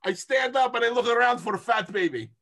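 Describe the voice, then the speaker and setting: A jokey, excitable player talking through a tabletop game. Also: medium pitch, a little fast, vocal fry. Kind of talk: casual tabletop game play.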